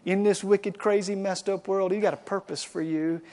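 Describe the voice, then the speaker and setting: A male pastor preaching to a congregation and leading a prayer, swinging from loud impassioned exhortation to quiet, hushed pleading. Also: high voice, fairly even intonation, moderate pace. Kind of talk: sermon and closing prayer. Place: church service.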